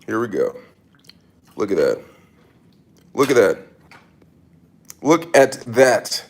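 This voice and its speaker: A man's voice: fairly low pitch, big pitch swings, takes it slowly. A man doing a casual cooking demo in his kitchen, hamming it up with mock-serious tips and repeated catchphrases. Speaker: cooking vlogger. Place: home kitchen.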